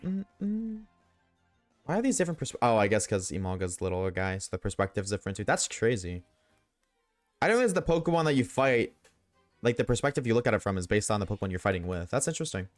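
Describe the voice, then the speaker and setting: Very animated and fast, a young man with a lowish voice jokes, swears and talks back to chat during a casual game stream. There's no room sound, only soft background music.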